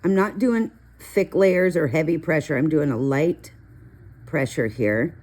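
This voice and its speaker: A woman's voice: low voice, measured pace, darkish tone. A middle-aged woman hosting a coloring video, chatting casually and telling rambling stories while she works. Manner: chatty, storytelling, rambling asides. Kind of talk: casual coloring tutorial chat.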